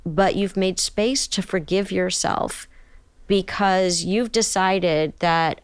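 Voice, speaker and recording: A woman's voice: medium pitch, fairly even intonation, slow pace, clean tone, dry recording. A middle-aged woman, a psychotherapist, talking through ideas in a podcast interview and acting out little examples as she goes. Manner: thoughtful, explains with acted-out examples. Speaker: psychotherapist and author, guest.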